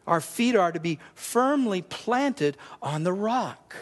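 A middle-aged male pastor preaching with a light, high-pitched voice. He tells stories with lively emphasis, and his words ring out with a long hall reverb. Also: takes it slowly. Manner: storytelling, animated, emphatic preaching. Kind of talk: sermon.

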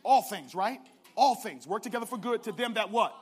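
A man preaching a sermon, calling out to the congregation and swinging from hushed asides to shouted climaxes. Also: sits high, brisk, slightly rough. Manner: calls out to the congregation.

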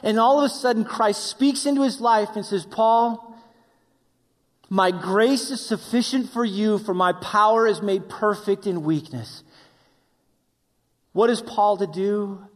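A pastor with a high-pitched, slightly slow voice preaches a sermon, voicing his listeners' questions and ending in prayer. The recording carries the long reverb of a hall.

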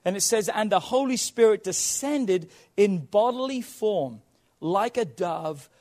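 A man's voice: high voice, lively intonation, unhurried, a little mellow. A man preaching a sermon as a pastor, asking the congregation questions and stacking repeated phrases. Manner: preaching with rhetorical questions and repetition.

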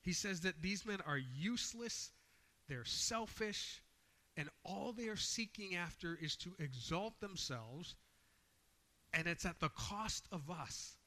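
A man's voice: high voice, animated, takes it slowly, pushed and bright, long reverb tail. A man preaching a sermon, reading scripture aloud with rising emphasis and explaining it in a plain, conversational way.

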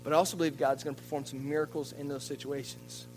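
A male pastor with a notably high voice delivers a sermon, spinning a story with lively energy and stumbling over repeated words. Faint music sits quietly behind him. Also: fast, low-quality recording. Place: church.

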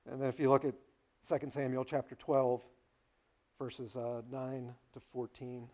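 A pastor preaching a sermon, retelling a story and acting out its dialogue with sudden swings from quiet to loud. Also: male voice, mid-range voice, little pitch movement, measured pace. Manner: storytelling, acts out dialogue with big swings in loudness.

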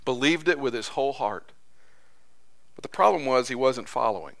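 A man's voice: mid-range voice, lively intonation, normal speed, gravelly. A man preaching a sermon as pastor in a conversational way, repeating phrases for emphasis.

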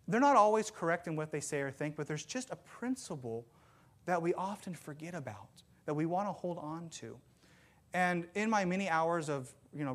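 A man delivers a sermon in a church, his slightly high voice rising and falling with animated energy. He moves between scripture and light storytelling, dropping self-deprecating asides to the congregation. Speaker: pastor. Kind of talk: sermon with jokes.

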